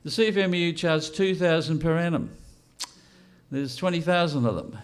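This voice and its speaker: At a political launch event, an older man gives a blunt, unscripted speech laced with rhetorical questions. His pitch is on the high side and he keeps a moderate pace.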